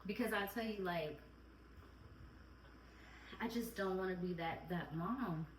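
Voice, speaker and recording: A woman's voice: fairly low pitch, measured pace, slight background noise. A woman vlogging as a mom, talking candidly and earnestly and repeating her phrases. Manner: earnest, repeats phrases, close to tears at times. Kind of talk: candid heartfelt chat. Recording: roomy and distant home recording.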